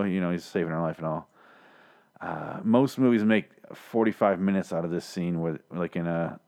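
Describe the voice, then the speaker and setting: A man hosting a show that recaps TV episodes, talking casually in a profane, exasperated and sarcastic way from a home studio. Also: lowish voice. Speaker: TV recap podcast host.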